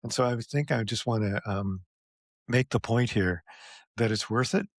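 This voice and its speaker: A man's voice: medium pitch, moderate pace, no room sound, clean studio sound. A man co-hosting a podcast discussion, talking in an earnest, rambling way and laughing often. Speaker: podcast co-host. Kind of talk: casual panel discussion.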